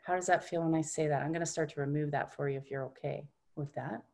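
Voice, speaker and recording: Soft-spoken woman leading a healing session. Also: sits low, steady tone, vocal fry. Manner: soft-spoken, often dropping to a hushed tone; unhurried, reassuring coaching. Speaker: energy healer. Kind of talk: guided energy-healing session.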